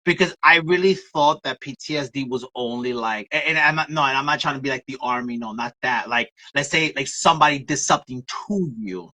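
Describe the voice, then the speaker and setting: A woman's voice: extremely low pitch, brisk, few pauses, no echo, poor audio. A woman guest on a podcast, talking casually and acting out the voices of people she quotes as she tells her stories. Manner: animated storyteller, acts out quoted voices. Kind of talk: casual conversation.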